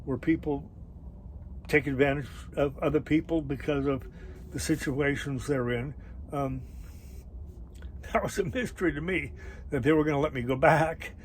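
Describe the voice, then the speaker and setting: A middle-aged man casually telling a travel story, rambling and halting with many fillers and restarts. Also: fairly high pitch, a little hiss or hum, rough recording. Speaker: travel vlogger.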